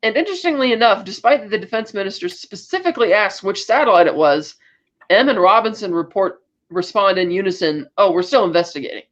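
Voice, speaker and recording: A man's voice: sits high, animated, a bit bright, muffled recording. A man co-hosting a podcast, casually retelling film scenes and acting out the lines as he goes. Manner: retells scenes acting out quotes in quick asides. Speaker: podcast co-host.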